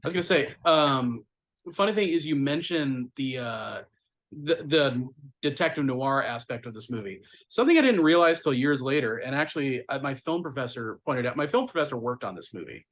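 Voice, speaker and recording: A man's voice: mid-range voice, normal speed, low-quality recording. A man co-hosting a film podcast, analytical, sharing what a professor taught him, with frequent ums. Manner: animated, analytical, many fillers. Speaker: podcast co-host. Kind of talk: casual movie discussion.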